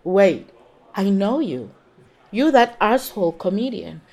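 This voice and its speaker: An actress playing a confrontational woman traveler who fires back sharp retorts. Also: medium pitch, big pitch swings, measured pace. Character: combative woman traveler in a security line.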